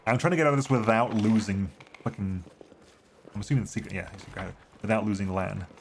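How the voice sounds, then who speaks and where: A man's voice: lowish voice, fast talker, a little hiss or hum. Wry man playing a game on stream. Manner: wry, offhand. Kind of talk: casual game commentary and reading aloud. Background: game music.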